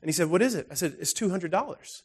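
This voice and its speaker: High-voiced man preaching a story-filled sermon. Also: lively intonation, quick pace, husky. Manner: conversational, storytelling, frequent restarts. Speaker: pastor. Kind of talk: sermon with personal stories.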